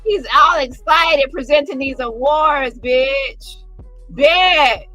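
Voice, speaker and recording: High bright sassy woman commentator. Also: slow, no echo, faint music behind, rough recording. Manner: sassy, profane, mocking impressions. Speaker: commentary vlogger. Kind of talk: casual commentary on photos.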